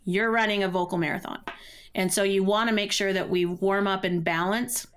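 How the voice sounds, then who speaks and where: A woman's voice: mid-range voice, steady tone, brisk, fairly bright tone, clean tone. A middle-aged woman, a vocal coach, explaining voice care in a podcast interview. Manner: explanatory, uses running metaphors.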